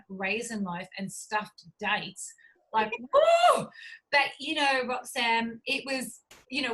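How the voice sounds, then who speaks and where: A woman's voice: a little high, sharp tone, rough recording. A middle-aged Australian woman telling stories as an interview guest, effusive and full of "like" and "you know" fillers. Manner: effusive, gushing storyteller with many fillers. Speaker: guest, cookbook publisher. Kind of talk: casual interview talk.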